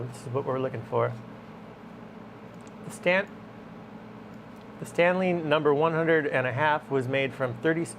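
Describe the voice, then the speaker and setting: A man's voice: mid-range voice, noisy background. A man vlogging from a guitar shop, talking casually and rambling with muttered asides. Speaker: vlogger restoring tools. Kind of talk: casual talk to camera while working.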